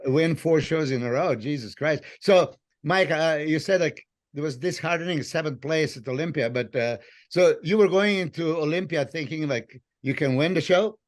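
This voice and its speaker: A male co-host speaking with phrasing, animated and halting with fillers. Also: on the high side. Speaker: podcast co-host, former bodybuilder. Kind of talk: casual interview chat.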